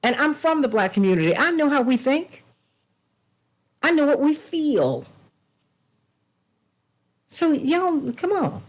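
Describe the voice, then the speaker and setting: A woman's voice: high voice, sing-song, takes it slowly, long pauses. A woman hosting a political talk show, speaking emphatically in a preacherly way and addressing her guests by name.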